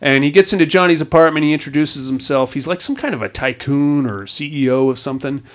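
A man's voice: fairly high pitch, fast talker. A man casually recapping a movie plot, rambling and swearing with wisecracks. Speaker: podcast host.

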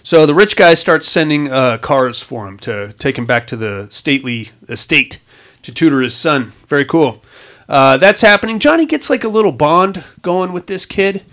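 A man's voice: a little high, lively intonation, normal speed, a bit bright. A man casually recapping a movie plot, rambling and swearing with wisecracks. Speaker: podcast host.

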